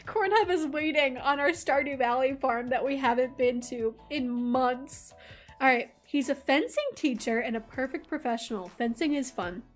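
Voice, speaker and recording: A woman streaming a game, chatting in a bubbly, giggly way and reading the game text aloud. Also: high voice. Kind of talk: casual let's-play chat with chat.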